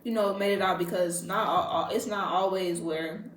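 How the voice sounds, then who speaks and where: A young woman vlogger telling a story in casual chat, animated and laughing, talking straight to her viewers. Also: medium pitch, moderate pace. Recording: echoey room with faint background noise.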